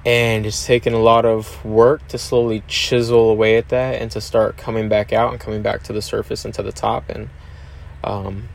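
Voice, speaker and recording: A man's voice: on the low side, level tone, normal speed, creaky. A man hosting his own podcast, talking hesitantly and openly about his struggles, with many fillers. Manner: hesitant, many fillers and restarts, open and confessional. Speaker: podcast host. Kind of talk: candid solo podcast monologue.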